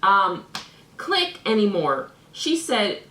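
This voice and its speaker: A woman's voice: medium pitch, expressive, measured pace, bright, forceful tone, reverberant. A young woman vlogger reading out messages with sarcastic, mock-indignant commentary.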